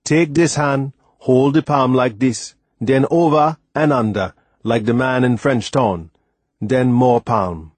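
A man voicing a patient, stubborn old Caribbean man who talks softly and gently in a storybook reading. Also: mid-range voice, slow, no room sound. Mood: stubborn, coaxing. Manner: soft, gentle, plain-spoken.

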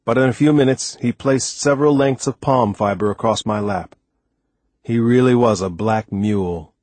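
A man reading a first-person story aloud as an audiobook narrator, measured and deliberate. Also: mid-range voice, a little mellow, no echo.

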